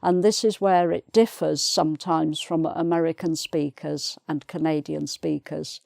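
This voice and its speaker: A British woman teaches pronunciation at an unhurried pace, her voice sitting a little low. She repeats each example word carefully and patiently. The sound is dry and close, with no room echo. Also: fairly even intonation, gravelly, darkish tone. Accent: British English. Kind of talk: pronunciation lesson.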